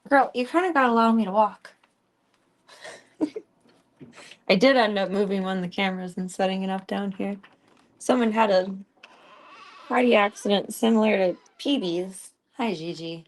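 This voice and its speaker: A woman's voice: medium pitch, moderate pace, long pauses. A young woman streamer chatting casually at home, rambling and cooing baby talk at her cats. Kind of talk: casual chat while streaming.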